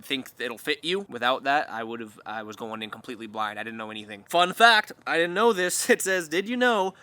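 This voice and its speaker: A man's voice: mid-range voice, animated, fairly quick, bright, forceful tone, no echo. A man in a casual vlog, talking in a playful, self-deprecating way and chuckling often while reading sponsor copy. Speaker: vlogger doing a sponsored segment.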